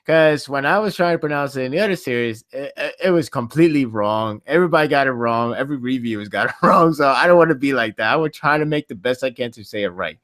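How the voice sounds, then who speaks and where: A man's voice: medium pitch, fairly bright tone. Male podcast host, mid-range voice, loose chatty delivery, laughs through lines. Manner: laughs often, quick tangents. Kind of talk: casual podcast chat.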